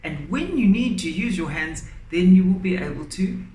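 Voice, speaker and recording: A woman teacher giving a lesson for children, speaking clearly and deliberately and stressing key words. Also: on the low side, lively intonation, mellow. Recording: echoey room, faint background noise.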